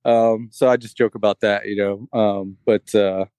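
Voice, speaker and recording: A man's voice: lowish voice, little pitch movement, unhurried, warm tone, clear, resonant tone, no room sound. Dry-sounding rambling storyteller man. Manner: rambling storyteller, heavy on fillers like "like" and "you know". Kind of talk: casual chat.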